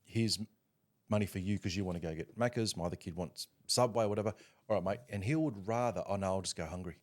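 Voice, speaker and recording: A middle-aged man chatting on a podcast, thoughtful and questioning himself as he talks. His voice is very low. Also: fast talker. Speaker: podcast co-host. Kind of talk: casual chat.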